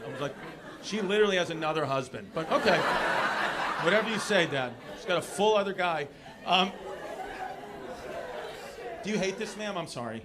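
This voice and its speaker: Loud high-voiced comedian from Queens. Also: moderate pace, long pauses, very noisy. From Queens, New York. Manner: loud, animated crowd work with shouted punchlines. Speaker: stand-up comedian. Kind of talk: stand-up comedy set. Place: comedy club stage. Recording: live club crowd laughing.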